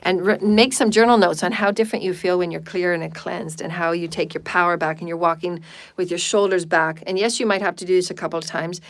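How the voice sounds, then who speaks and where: A woman's voice: lowish voice, fairly even intonation, a little fast. A woman spiritual healer on a livestream, leading a guided healing meditation and chatting afterwards, often repeating words and phrases in runs. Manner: speaks in chanted syllables. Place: home livestream.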